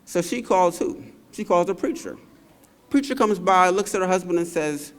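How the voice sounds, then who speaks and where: A man's voice: high-pitched, moderate pace, fairly bright tone. Man's graduation speech in an echoing hall. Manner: engaging, checks in with frequent tag questions. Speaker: commencement speaker. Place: large hall. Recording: reverberant large hall.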